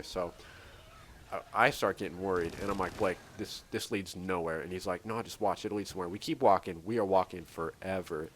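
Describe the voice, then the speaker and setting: Gaming host, male, lowish voice, rambling casual storyteller, faint gunfire underneath. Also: slight background noise. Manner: rambling, many "like" fillers and restarts. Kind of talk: casual storytelling over gameplay.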